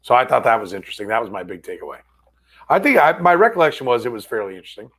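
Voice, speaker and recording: A male sports host in loose podcast chat, mid-pitched and easygoing. He wanders through long stories, restarting and correcting himself along the way. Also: very animated, racing, fairly bright tone. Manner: rambling, self-correcting storyteller. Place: studio.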